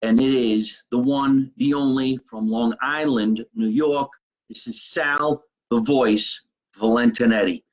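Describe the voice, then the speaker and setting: A man from New Jersey hosting a casual live podcast, talking in an animated way. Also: mid-range voice, slow, poor audio. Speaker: podcast host.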